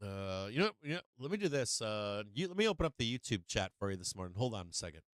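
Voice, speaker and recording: This middle-aged host of a home market live stream speaks in a sing-song way at a quick pace, his voice fairly low. He rambles casually and greets viewers by name, and the recording is dry.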